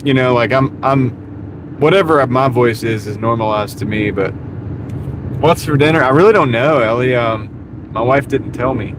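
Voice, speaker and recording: A man's voice: mid-range voice, moderate pace. Rambling Southern man chatting in a car. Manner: rambling, easygoing, self-deprecating, talks to chat. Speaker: gig delivery driver streaming live. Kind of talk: casual live-stream chat while driving. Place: inside a car at night. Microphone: wireless clip-on mic. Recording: audible road and car noise. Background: car and road noise.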